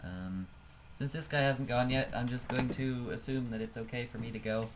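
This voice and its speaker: A man's voice: medium pitch, moderate pace, noisy background. A man giving casual, self-mocking commentary while playing a flight game, laughing often. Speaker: let's play gamer.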